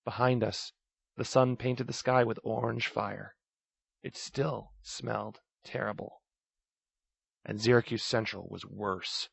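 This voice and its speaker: A man reading a first-person story aloud, raising his voice to act out the shouted lines. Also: fairly low pitch, steady tone, takes it slowly, vocal fry, husky, no room sound. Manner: acts out shouted lines of dialogue. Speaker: narrator. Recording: dry, slightly dull recording.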